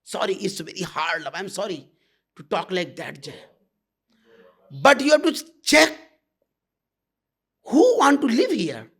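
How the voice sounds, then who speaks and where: A man's voice: high voice, very animated, unhurried, pauses often, a bit bright, husky. A man giving a satsang talk as a spiritual teacher, blunt and intimate, calling listeners "my love".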